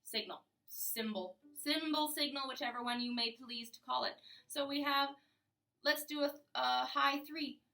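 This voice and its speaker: Young female string teacher, upbeat and playful, bright tone, recorded from a distance. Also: high-pitched, unhurried, gravelly. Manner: upbeat, playful, talks to kids. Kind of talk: casual video lesson.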